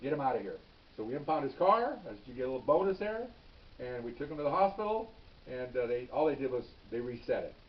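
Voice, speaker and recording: An older man, a retired police officer, recounting a patrol story in a casual, plain-spoken way. He repeats himself and tosses in "okay?" to keep the listener with him. His voice sits at an ordinary middle pitch, sounding distant and dull, like a lo-fi recording. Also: sing-song, quick pace.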